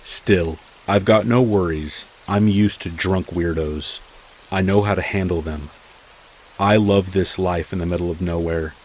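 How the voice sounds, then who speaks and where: A man narrating a first-person true horror story in a steady, measured way. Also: low voice, slight background noise, poor audio. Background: rain.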